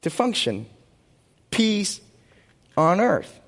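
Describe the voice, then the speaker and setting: A man's voice: sits high, big pitch swings, very slow, a bit bright, big-room sound. A middle-aged man preaching a sermon, asking the congregation questions and waiting for answers. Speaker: pastor.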